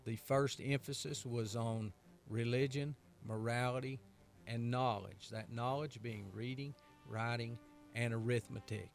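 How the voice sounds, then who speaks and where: A man's voice: mid-range voice, fairly even intonation, measured pace, creaky, soft background music. A man from North Carolina with a Southern American accent, a pastor hosting a radio talk in a folksy way, repeating phrases and asking rhetorical questions.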